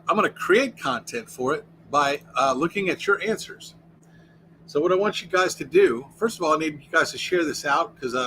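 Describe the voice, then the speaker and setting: A man's voice: fairly high pitch, fairly bright tone, slight background noise, rough recording. Rambling American man hosting a livestream. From United States. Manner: rambling, reads and answers chat aloud. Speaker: livestream host. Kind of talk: casual livestream chat. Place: inside an RV.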